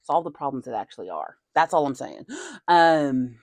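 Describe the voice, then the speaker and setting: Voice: mid-range voice, very animated, normal speed, darkish tone, no room sound. A channel host from the southern United States with a Southern American accent, rambling in a chatty way with folksy asides. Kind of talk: casual talking-head chat.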